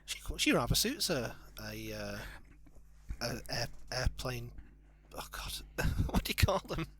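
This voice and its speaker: A man's voice: medium pitch, unhurried. A man co-hosting a film commentary from home, speaking with dry, sarcastic humour. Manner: dry, sarcastic, mock-deadpan. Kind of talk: joking film commentary chat.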